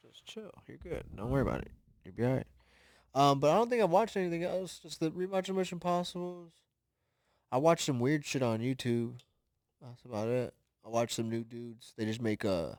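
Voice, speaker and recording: A man's voice: medium pitch, animated, a little fast, long pauses, a little mellow, no echo, studio quality. A young man co-hosting a casual podcast, playful and teasing. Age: young adult. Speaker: podcast co-host. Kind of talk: casual chat.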